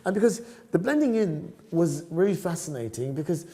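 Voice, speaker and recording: An older man from South Africa, a photographer telling stories as a podcast guest, lively and often laughing. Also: on the high side, a little fast. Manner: animated, acts out other people's voices, laughs often. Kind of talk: storytelling podcast interview.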